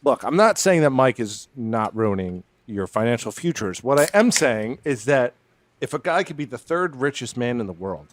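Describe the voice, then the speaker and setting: A man's voice: medium pitch, very animated, normal speed. A man co-hosting a comedy podcast, riffing wryly and steering the talk back on track. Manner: riffing, wry, keeps the show on track. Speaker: podcast co-host. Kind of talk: casual comedic banter.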